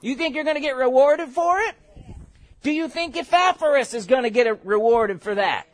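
A middle-aged man preaching a sermon, emphatic, building to shouted exhortations with quick humorous asides. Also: very high-pitched, lively intonation.

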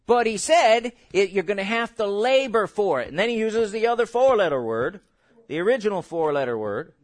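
A male pastor delivers a sermon in a high voice that climbs and dips widely. He jokes, chuckles and suddenly shouts, then slows to a measured crawl for scripture. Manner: animated preaching with sudden shouts and laughter; slow, drawn-out scripture reading.

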